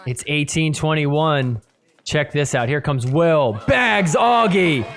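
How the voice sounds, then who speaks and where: A man hosting a podcast, recapping a match in play-by-play commentary and getting loud and excited at the big points. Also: a little high, slow pace, faint music behind. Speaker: podcast host.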